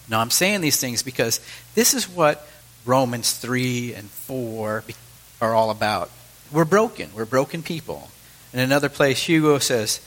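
A man's voice: mid-range voice, lively intonation, moderate pace, fairly bright tone, poor audio. A middle-aged man delivers a sermon to his congregation. His manner is easygoing and conversational, and he breaks off now and then to speak directly to his listeners. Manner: conversational teaching with asides to the congregation. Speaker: pastor.

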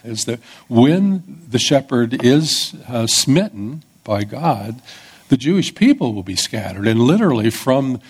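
Husky-voiced man preaching a sermon. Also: medium pitch, big pitch swings, a little slow. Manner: conversational teaching with small restarts. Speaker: pastor. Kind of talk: expository sermon.

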